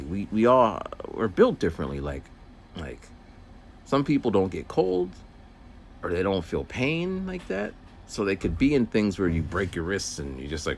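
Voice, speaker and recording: Brief: low male voice, huge pitch swings, rambling outdoor walk-and-talk storyteller. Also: big pitch swings, a little slow, pauses often, a little hiss or hum. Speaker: teacher's aide. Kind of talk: casual walking vlog monologue. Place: outdoors, walking.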